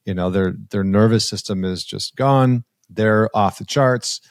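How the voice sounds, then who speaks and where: A man with a fairly low voice hosts a casual podcast conversation. He thinks out loud, restarting sentences as he hunts for the right words, and his voice sits dry and close to the mic. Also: a little slow, dry recording. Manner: thinks aloud, hesitant restarts, searching for words. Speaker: podcast host.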